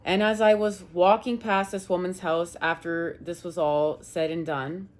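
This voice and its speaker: A woman's voice: lowish voice, level tone, a little slow. A woman tarot reader telling viewers a personal story in an emphatic, rambling way, swearing now and then. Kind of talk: casual spiritual talk to viewers.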